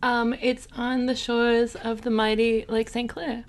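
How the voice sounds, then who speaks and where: Musician guest, female, from Michigan, slightly high voice with a gravelly fry, teasing and giggly. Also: flat delivery, measured pace. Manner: giggly, teasing, filler-heavy. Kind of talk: casual chat.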